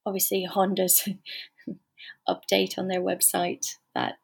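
A woman's voice: lowish voice, monotone, slow, gravelly, slightly rough. A woman who is a guest on a podcast, talking casually and laughing easily. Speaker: podcast guest, ransomware expert.

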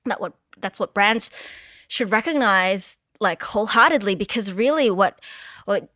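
Candid, animated woman on a podcast. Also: mid-range voice, moderate pace, no echo, clean studio sound. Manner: animated, laughs often, frank. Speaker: guest, content creator. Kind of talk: casual podcast chat. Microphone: podcast microphone.

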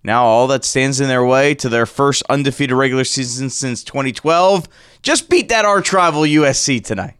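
A man hosting a sports radio show from a studio, energetic and rattling off stats and rankings. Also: mid-range voice, normal speed, clear, resonant tone, no room sound. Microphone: studio microphone.

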